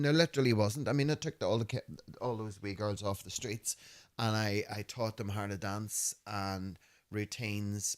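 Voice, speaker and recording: A man in his fifties with a Belfast accent, co-hosting a podcast and telling animated, laughing stories that act out voices. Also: fairly low pitch, clean tone. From Northern Ireland. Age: 50s. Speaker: podcast host. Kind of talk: casual storytelling chat.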